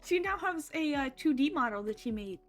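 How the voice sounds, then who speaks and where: A woman's voice: sits high, expressive, a little fast, faint music behind. A woman hosting a casual stream, joking around and laughing often. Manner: giggly, joking, frequent laughter. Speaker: streamer host.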